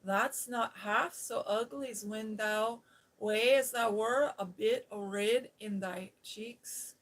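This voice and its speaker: A woman's voice: medium pitch, slow pace, low-quality recording. A woman voicing a blunt, friendly young Yorkshire maid in broad old dialect, read from a storybook. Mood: fond, frank.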